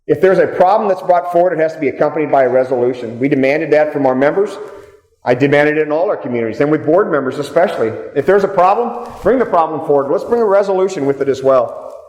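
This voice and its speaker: A man's voice: on the high side, lively intonation, fast, a little mellow. Man giving a seminar in an echoey hall. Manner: direct, storytelling, repeats points for emphasis. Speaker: seminar speaker. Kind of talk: seminar talk to a live audience. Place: meeting room with audience. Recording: echoey hall, speaker off-mic at times.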